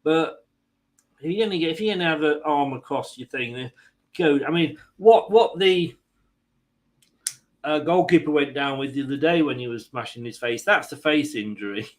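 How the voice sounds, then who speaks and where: A man's voice: fairly high pitch, normal speed. A man hosting a football watchalong stream, mixing live match commentary with rambling, self-mocking jokes.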